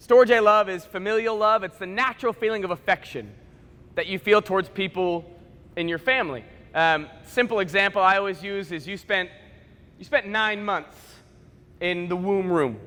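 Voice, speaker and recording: A bright, high-pitched man speaks to a school assembly in a big echoing hall, and the long reverb trails after his words. He jokes and acts out quick snatches of dialogue as he tells his stories. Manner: playful, joking storyteller acting out quick dialogue. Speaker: motivational speaker.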